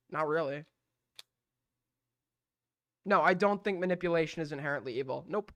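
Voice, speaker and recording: A man's voice: high-pitched, lively intonation, moderate pace, pauses often, dry recording, studio quality. A man hosting a live stream, arguing bluntly and swearing as he defends his calls. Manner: blunt, argumentative, swears freely. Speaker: streamer host. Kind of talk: heated live-stream commentary.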